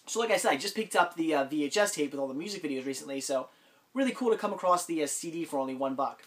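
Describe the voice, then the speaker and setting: A man with a stuffy, congested voice from a cold talks through his latest finds in a relaxed, rambling way. His voice sits a little above the usual for a man, and he keeps stopping for ums and restarting his sentences. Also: fairly high pitch, quick pace. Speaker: collector vlogger. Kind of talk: casual vlog haul talk.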